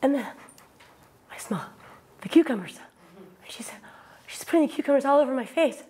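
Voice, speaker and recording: High-voiced woman telling a stage monologue. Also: expressive, a little fast, mellow. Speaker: solo stage performer. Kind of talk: theatrical monologue.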